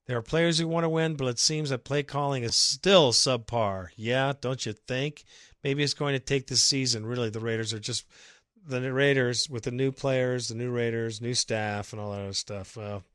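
A man's voice: medium pitch, fairly even intonation, normal speed, a bit bright, clear, resonant tone, dry recording, studio quality. A man hosting a fan podcast, reading listener messages and ranting about his team's loss, sarcastic and exasperated, sometimes breaking into laughter.

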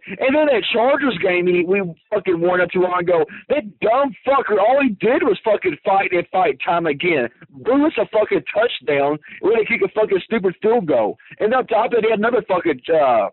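Calling in to a fan radio show, this man delivers a furious, profanity-laden rant. His voice sits high and sounds animated and husky, a little fast, with no echo, and the phone line is tinny and dry.

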